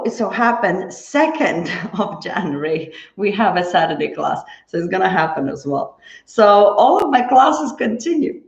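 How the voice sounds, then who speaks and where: Woman, chatty dance teacher, thanks viewers by name, echoey room, muffled stream audio. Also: mid-range voice. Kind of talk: live-stream chat after class. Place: indoors at home.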